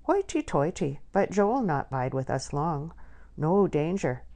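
A woman's voice: sits low, very animated, a little slow, dark tone, exaggerated voice. A woman voicing a blunt, motherly older countrywoman who scolds in broad country dialect. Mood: teasing.

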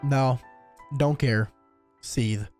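A man hosting an anime reaction, talking casually and excitably, swearing and yelling at the screen. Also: mid-range voice, very slow, soft background music. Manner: excitable, profane, yells at the screen.

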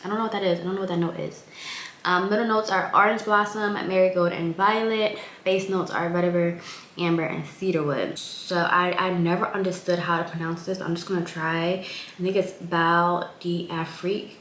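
A woman's voice: fairly low pitch, fairly even intonation, fairly quick, fairly bright tone, roomy sound, a little hiss or hum. Congested, chatty woman vlogger. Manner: chatty, rambling, many fillers. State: congested, recovering from illness. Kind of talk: casual vlog chat.

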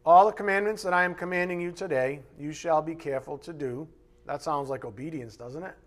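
Male pastor, slightly high voice, animated live sermon from the pulpit. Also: brisk. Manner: animated preaching, reads scripture aloud, acts out God's voice in asides. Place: church sanctuary.

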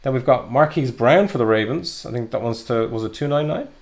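A man's voice: medium pitch, lively intonation, a little fast, creaky. A young man giving chatty, upbeat live commentary while opening trading card packs, with frequent ums and uhs. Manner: chatty, upbeat, lots of fillers. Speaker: card breaker.

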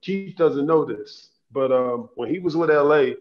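A man's voice: a little high, unhurried. A man hosting a podcast interview, enthusiastic and asking long, winding questions. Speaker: podcast host. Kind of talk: casual interview. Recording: dull lo-fi sound.

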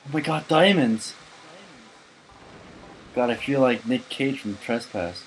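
A drunk man doing gaming commentary, cursing, shouting and laughing as he plays. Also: medium pitch, lively intonation, takes it slowly, slight background noise, rough recording. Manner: profane, loud outbursts and laughing. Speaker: let's player.

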